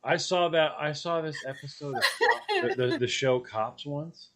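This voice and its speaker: A man's voice: on the high side, a little slow, a little hiss or hum. A man telling a funny story in casual chat, acting out the people in it. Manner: animated, acts out the people in his stories.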